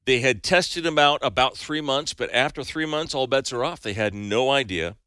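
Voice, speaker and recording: Chatty man, bright and dry. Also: medium pitch, normal speed, clear, resonant tone, no room sound. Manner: chatty, joking, many restarts. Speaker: news segment host. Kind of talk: casual radio talk.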